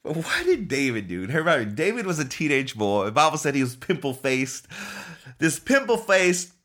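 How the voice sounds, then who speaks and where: A male preacher delivers an emphatic, urgent sermon, circling back and repeating himself as he presses each point. His voice sits somewhat high for a man. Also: huge pitch swings, moderate pace, fairly bright tone. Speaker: pastor.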